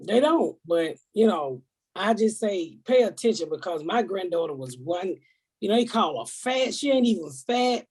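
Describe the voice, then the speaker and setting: An older woman hosting a comedy podcast, loud and profane as she vents in heated, casual storytelling. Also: medium pitch, lively intonation, normal speed, husky. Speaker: host.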